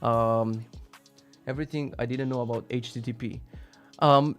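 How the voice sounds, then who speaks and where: A man hosting a live stream, reading out viewer links and reacting in a casual, profane, sarcastic way, jumping between loud rants and muttered asides. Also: medium pitch, fairly even intonation, normal speed, dry recording, faint music behind.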